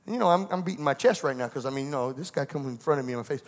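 A man's voice: medium pitch, very fast, long reverb tail. A middle-aged man, a pastor, preaching a sermon that moves from personal storytelling into fervent preaching in a church. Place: church sanctuary.

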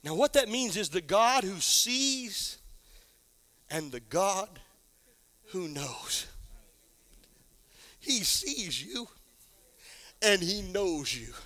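A male pastor delivering a sermon in a high, bright, ringing voice. He sinks into quiet, low passages, then climbs back up to fervent shouts. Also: big pitch swings, extremely slow, long pauses, no echo. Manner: preacher building to shouted exclamations; drops to a low hush for emphasis.

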